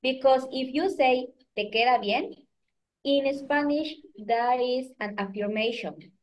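A woman's voice: high voice, measured pace, slight background noise. A woman teaching a live online language class over a video call, patiently prompting her students by name and coaching them. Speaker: Spanish teacher. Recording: dull lo-fi video call audio.

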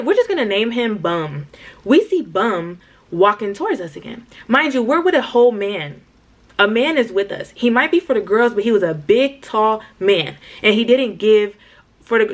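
A woman's voice: fairly high pitch, normal speed. A young woman telling a slangy storytime to her viewers, talking straight to them. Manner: animated slangy storytelling, addresses viewers as y'all. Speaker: vlogger. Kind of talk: storytime vlog.

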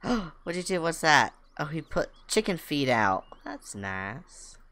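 Low-voiced woman streamer, lively. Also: unhurried. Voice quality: low voice that jumps high with excitement. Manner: cooing at animals, reading aloud, chatting with viewers. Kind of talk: casual gameplay chat.

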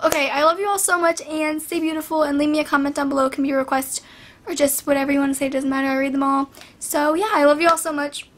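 A teenage girl vlogger chatting casually through viewer questions, her voice still hoarse from a sinus infection, rambling with constant "like" fillers. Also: sits high, a little hiss or hum. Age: teens. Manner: rambling, filler-heavy, lots of "like".

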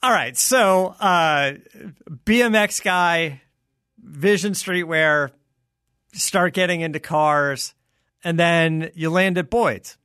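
A man with a slightly high voice hosting a relaxed podcast conversation. He also reads a sponsor spot in the same easygoing way. The sound is dry and close. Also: takes it slowly, clean tone, no echo. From South Florida. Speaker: host. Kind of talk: casual chat with an ad read.

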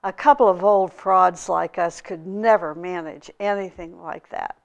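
A woman voicing a calm, gently teasing old male spiritual teacher in a slow, soft way. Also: on the low side, vocal fry.

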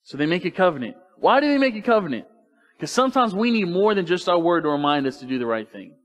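A man's voice: sits high, lively intonation, fast talker, fairly bright tone. A man preaching a sermon in church, talking to the congregation casually and asking rhetorical questions. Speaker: pastor. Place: church sanctuary.

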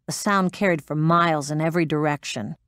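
A woman's voice: low voice, fairly even intonation, brisk, fairly bright tone, clear, resonant tone, dry recording, studio quality. An actress playing a blunt, profane former woman pilot recounting her story in an interview. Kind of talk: audiobook drama performance.

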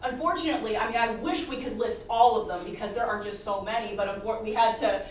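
A female podcast host and presenter gives a chatty live talk in a historic house's presentation room, her voice a little high, fast, and hoarse as she loses it. She laughs often and uses many fillers and restarts. The recording sounds distant, with a very echoey room and faint noise.

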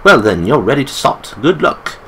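Old British general-store keeper, sly and chirpy, slightly raised voice as a let's-player puts him on, faint keyboard taps. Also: male voice, medium pitch, very animated, normal speed, sharp tone, slight background noise, pitched above the performer's own voice, rough recording. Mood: cheery sales pitch. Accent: put-on British. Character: old British male shopkeeper, pipe-smoking, sly.

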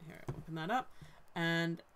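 A woman's voice: on the low side, moderate pace, a bit bright, slight background noise. A woman co-hosting a live stream, reading out viewer questions with a playful, dry humor. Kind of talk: casual live-stream chat.

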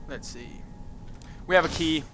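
A man's voice: a little high, normal speed, noisy background. A man giving casual, goofy gameplay commentary, joking and laughing at his own jokes. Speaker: let's play gamer.

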